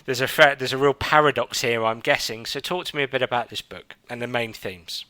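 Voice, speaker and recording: A male podcast host talking in an animated, casual way, often restarting his sentences and filling gaps with short fillers. His voice is bright and forward, recorded close with a dry, roomless sound. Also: medium pitch, fairly quick, smooth, no echo. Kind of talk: casual interview chat.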